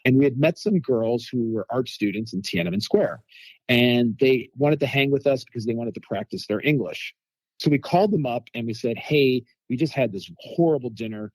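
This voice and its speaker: A man telling lively food anecdotes as a guest in a casual interview, acting out quotes from people he met. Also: medium pitch, moderate pace, no echo. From United States. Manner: animated anecdotes with quoted voices.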